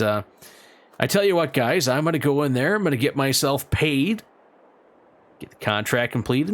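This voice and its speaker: A man hosting a farming-sim role-play, talking in a folksy, excitable, rambling way. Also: mid-range voice. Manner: folksy, excitable, lots of "you betcha"; chatty and rambling with frequent restarts. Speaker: gaming channel host. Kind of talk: role-play gameplay commentary.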